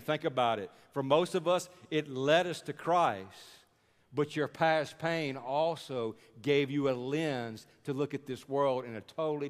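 A man preaching a sermon as pastor, urging the congregation and slowing down on key words. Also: a little high. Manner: exhorting the congregation, slowing for emphasis. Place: church sanctuary. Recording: long reverb of a church hall.

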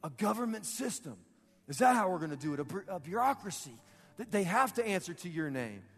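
A preacher putting on gushing angel Gabriel. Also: male voice, high-pitched, big pitch swings, a little fast, a bit bright, slightly rough, big-room sound, voice pushed up, full character voice. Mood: confused. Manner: breathless, gushing, eager questions. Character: overeager excitable male angel Gabriel.

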